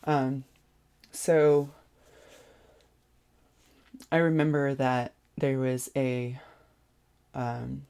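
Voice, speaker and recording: A vlogger telling a personal story in a hesitant way, with many pauses and restarts. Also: medium pitch, fairly even intonation, vocal fry, darkish tone, clean tone.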